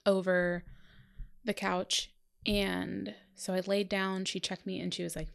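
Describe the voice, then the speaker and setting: A woman in her thirties chats on a podcast in a medium-pitched voice. She tells her story with animated energy, slipping into the voices of others and breaking into laughter. Her delivery stays casual and conversational. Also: takes it slowly, creaky. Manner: animated storyteller who acts out quotes and laughs often. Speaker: podcast co-host. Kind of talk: casual chat, telling a birth story.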